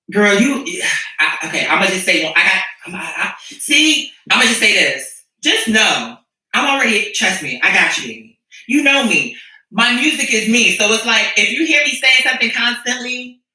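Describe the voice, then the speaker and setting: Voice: mid-range voice, bright, forceful tone. A streamer and musician chatting casually with viewers, rambling, sassy and profane, often restarting sentences. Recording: echoey room, mic at a distance.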